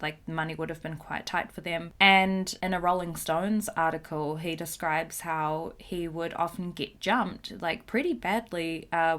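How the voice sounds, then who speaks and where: A young woman with a slightly low voice hosts a casual podcast. She talks in a chatty, animated way, filling her sentences with "like" and the occasional swear. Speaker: podcast host.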